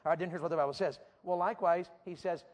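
A man's voice: a little high, steady tone, fast. A man preaching a sermon to teenagers, asking emphatic, repeated rhetorical questions. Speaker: youth preacher. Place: church platform before a youth audience.

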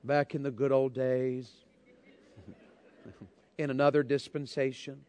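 A man's voice: medium pitch, level tone, takes it slowly, darkish tone, slight background noise. A man preaching a sermon, telling a folksy, joking story and addressing the crowd directly.

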